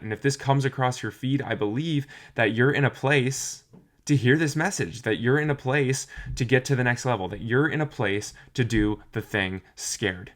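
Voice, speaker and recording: A young adult man giving an earnest, encouraging talk to camera, often repeating phrases for emphasis. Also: mid-range voice. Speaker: motivational vlogger.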